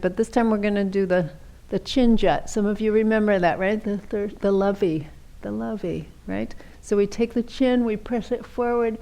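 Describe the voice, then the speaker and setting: A middle-aged woman leading a seated yoga class, giving gentle, chatty cues and often checking in with "right?". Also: lowish voice, creaky. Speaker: chair yoga instructor.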